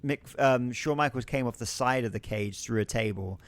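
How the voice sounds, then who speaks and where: A man's voice: medium pitch, moderate pace. A man co-hosting a wrestling podcast, telling stories in a casual, chatty watch-along with frequent swearing and restarts. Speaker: podcast co-host.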